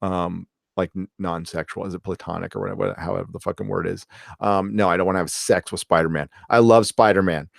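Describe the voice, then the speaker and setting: A man's voice: low-pitched, animated, brisk, creaky, no echo, studio quality. A man hosting a live stream, reading viewer comments and rambling casually with lots of fillers, restarts and swearing. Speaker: host of a live chat show.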